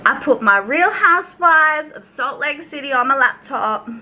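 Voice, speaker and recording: Australian woman, young adult, casual storytime rant, chatty and sweary, bright tone, light background hiss. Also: sits high, lively intonation, moderate pace, poor audio. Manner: chatty, swears freely, acts out quoted exchanges. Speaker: YouTube commentary creator.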